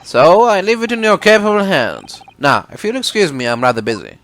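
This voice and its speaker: A man's voice: sits high, big pitch swings, fairly quick, fairly bright tone, pitched above the performer's own voice, exaggerated voice. A man voicing a pompous, eccentric male detective who talks in an airy, dismissive way.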